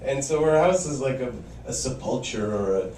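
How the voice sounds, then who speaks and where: A man's voice: mid-range voice, expressive, normal speed, darkish tone, reverberant, recorded from a distance, soft background music, poor audio. A man performing a stand-up comedy set, telling wry stories and acting out quoted voices.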